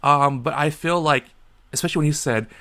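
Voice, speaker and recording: A man co-hosting a casual podcast, telling animated stories and acting out the people in them. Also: a little fast. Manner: animated storyteller, acts out other people in a high voice. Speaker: podcast co-host.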